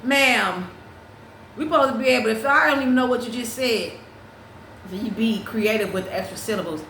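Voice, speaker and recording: A woman hosting a casual chat, talking in an animated, profane way, restarting her sentences and breaking into sung snippets. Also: fairly high pitch, quick pace, a little hiss or hum. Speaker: podcast host. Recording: roomy echo with faint ambience.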